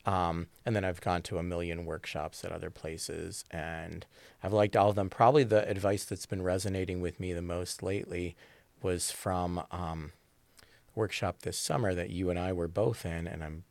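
An improv teacher gives a conversational interview, speaking thoughtfully and rambling with fillers while often checking in with "right?". His voice sits low, steady and creaky, a little mellow, at a moderate pace in a dry recording.

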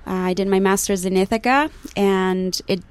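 A woman's voice: medium pitch, fairly even intonation, moderate pace, smooth, no room sound. A woman who teaches violin to young children, talking in a modest, somewhat hesitant way. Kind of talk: casual chat.

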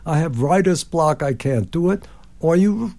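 Old guy in his 90s telling stories on the radio, acts out quotes, mellow tone. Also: on the high side, a little slow. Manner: animated anecdotes, sings phrases and acts out quotes. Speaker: composer guest. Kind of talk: storytelling interview.

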